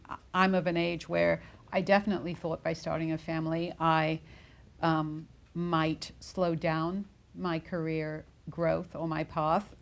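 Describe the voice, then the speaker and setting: A woman in her forties speaks on a discussion panel, her voice low and gravelly with a rough fry. She talks candidly and reflectively, pausing on fillers and restarting her sentences as she works through her point. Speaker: panelist, newsroom leader.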